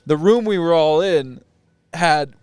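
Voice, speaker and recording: A man's voice: a little high, takes it slowly, smooth, no echo, faint music behind. A young man in casual podcast chat, telling a story in careful detail. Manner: detailed storyteller, shouts out quoted lines.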